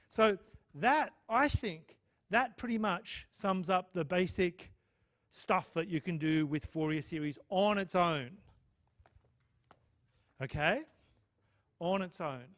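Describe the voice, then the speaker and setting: Male math lecturer, high-pitched, chatty and checking in with the class. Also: slow pace, pauses often, fairly bright tone. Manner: chatty, checks in with "okay?" and "right?". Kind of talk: live lecture with student questions.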